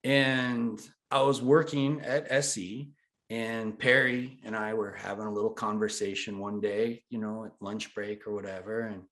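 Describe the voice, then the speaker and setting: A man in his forties, a guest telling his story in an animated, casual way. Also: fairly low pitch, measured pace. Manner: animated, swears then apologizes. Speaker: interview guest, brand founder.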